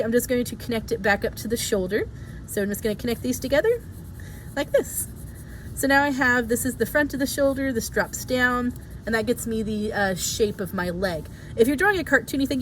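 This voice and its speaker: Woman, art teacher, casual step-by-step drawing tutorial, patient, voice on the higher side. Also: a little hiss or hum. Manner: patient, explains each stroke, casual asides.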